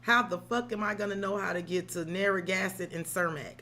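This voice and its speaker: A middle-aged woman reads tarot on a casual livestream, drifting off on tangents and cursing freely as she goes. Her voice sits at an everyday middle pitch. A faint hum runs underneath. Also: fairly quick, hardly any pauses, sharp tone. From South Side of Chicago. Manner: chatty, digressive, salty, swears freely. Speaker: tarot reader.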